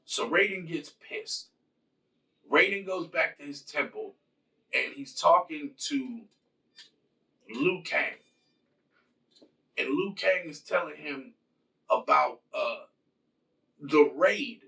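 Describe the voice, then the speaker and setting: A man's voice: on the high side, creaky, pushed and bright, recorded from a distance, poor audio. A man casually retelling a movie plot in a loose, rambling, profane way. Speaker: host.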